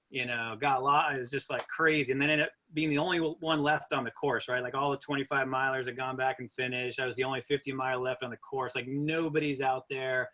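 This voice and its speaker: Bright-voiced man telling a lively story. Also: medium pitch. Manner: lively, acts out his own thoughts. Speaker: guest runner. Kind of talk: animated storytelling.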